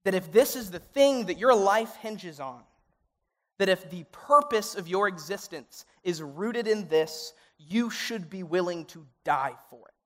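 A young man gives a youth sermon in a high-pitched, earnest voice. His talk is casual and heartfelt, and it turns pleading at times. The recording rings with the long reverb of a large hall. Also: animated, a little slow. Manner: earnest and conversational, grows emotional and pleading. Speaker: youth pastor.

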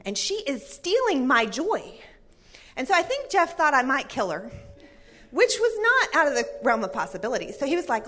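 High, lively woman telling a story. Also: moderate pace. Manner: chatty, animated, laughs often. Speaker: church parenting class speaker. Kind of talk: storytelling talk.

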